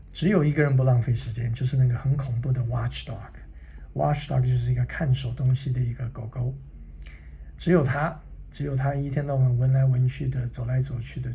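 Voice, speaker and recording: A man reading a children's book aloud, pausing to explain and translate it, in a husky, careful manner. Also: mid-range voice, warm tone. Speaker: reader.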